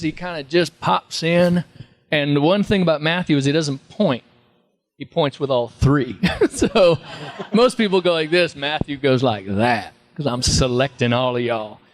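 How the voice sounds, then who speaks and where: A man telling rambling, funny anecdotes in a casual Q&A at a fan convention. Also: fairly high pitch. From Texas. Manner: rambling storyteller, slips into impressions and laughs. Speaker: convention panel guest.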